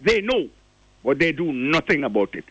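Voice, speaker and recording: A man's voice: on the high side, very animated, normal speed, fairly bright tone, no echo, rough recording. An older man from Grenada, calling in to a radio show with impassioned, preachy commentary and repeating key words for emphasis.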